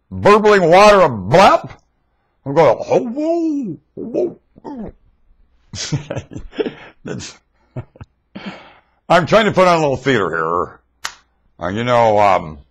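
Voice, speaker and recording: A man recorded on a webcam mic at home, rambling in a monologue that swings between loud outbursts and mumbling. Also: medium pitch, husky.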